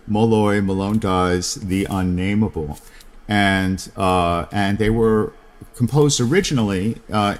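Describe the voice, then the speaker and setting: A man hosting a podcast, talking about literature in a discursive lecture style, with many fillers and restarts. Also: deep voice. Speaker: podcast host.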